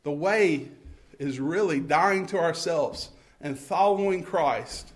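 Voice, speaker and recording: A man's voice: a little high, takes it slowly. A man preaching a sermon, conversational and self-correcting, acting out scenes and building to fervent calls. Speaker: pastor.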